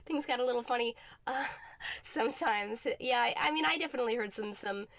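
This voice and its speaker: A woman's voice: on the high side, a little fast, fairly bright tone, no room sound, clean studio sound. A woman co-hosting a podcast in casual chat, talking loosely with many filler words. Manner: chatty, lots of "like" fillers. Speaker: podcast co-host.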